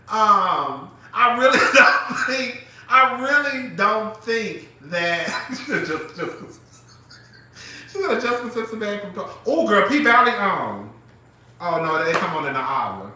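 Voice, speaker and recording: His voice very high and sharply bright, a live chat show host speaks slowly, animated and profane, laughing often as he gives casual commentary. The mic is distant, with him sitting a bit back from it, and the room is very echoey.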